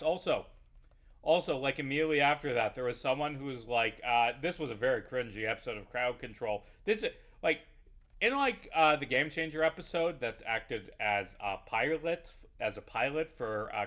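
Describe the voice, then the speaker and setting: A man's voice: medium pitch, lively intonation, normal speed, a bit bright. A man giving a heated, profane, rambling rant over his gameplay. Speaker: YouTuber playing a game. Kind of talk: ranting gameplay commentary.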